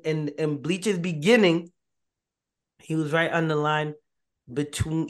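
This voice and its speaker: Excitable higher-voiced man chatting. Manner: excitable, repeats himself while thinking. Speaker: podcast host. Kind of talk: casual chat.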